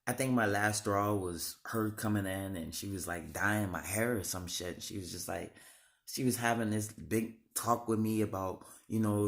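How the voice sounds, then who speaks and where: Low-voiced guy in his 30s rambling through his life story, lots of restarts and cussing. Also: fairly even intonation, gravelly. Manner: halting, rambling, many restarts and fillers, frank swearing. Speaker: vlogger. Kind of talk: personal life story told to camera.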